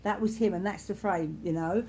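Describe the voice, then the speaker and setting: A woman serving as a spiritualist medium, speaking softly and reassuringly to a congregation in a church, repeating herself often. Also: medium pitch, normal speed, a little hiss or hum. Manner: gentle, reassuring, repetitive, many "you know"s. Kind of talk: giving spirit messages to a congregation.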